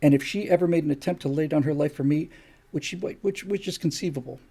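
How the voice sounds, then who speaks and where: A man's voice: on the high side, fast talker, vocal fry, mellow, husky. An older man hosting a show, delivering an opinion monologue with emphatic, repeated rhetorical questions. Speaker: show host.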